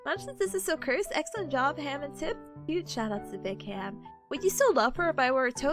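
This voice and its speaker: A woman's voice: high-pitched, animated, a little fast, over music. A woman streamer in casual live chat, playful and silly, laughing often between lines. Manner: silly, sings sound effects.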